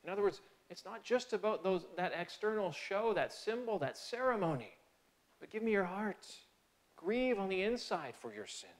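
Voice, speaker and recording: Casting: male pastor, fairly high voice, earnest sermon delivery with conversational asides. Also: big pitch swings, moderate pace, few pauses. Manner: earnest, rises in pitch and loudness on key phrases; conversational asides and small restarts. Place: church sanctuary.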